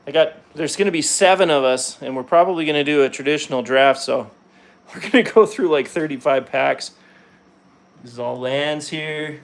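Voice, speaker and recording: A man's voice: a little high, moderate pace. A man from Calgary with an Alberta accent, chatting casually to viewers while opening trading card packs, laughing often. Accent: Albertan Canadian English. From Calgary, Canada. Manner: laid-back, chuckles often, talks to chat viewers. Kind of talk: casual pack-opening chat.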